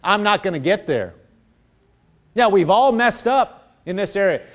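A middle-aged pastor preaching a sermon in a fairly high voice. He quotes scripture and calls out to his congregation for answers. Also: expressive, a little slow. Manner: preaching with call-and-response, quoting scripture.

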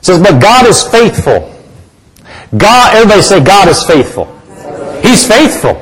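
A man's voice: sits high, sing-song, moderate pace, fairly bright tone, slightly rough. A man preaching a sermon, emphatic and repetitive, calling on the congregation to respond. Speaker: pastor.

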